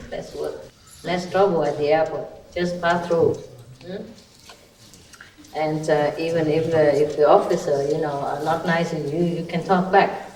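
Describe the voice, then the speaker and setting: A woman spiritual teacher giving a talk to an audience, chatty and lively, laughing often, with loose non-native grammar. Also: on the low side. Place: gathering hall with audience. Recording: echoey archive recording from a distant mic with background noise.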